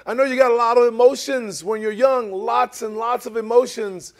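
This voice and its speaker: A middle-aged pastor delivers an emphatic sermon, swinging between loud emphasis and soft asides and often checking in with "okay?" and "amen?". His voice is extremely high-pitched and steady, at a normal speed.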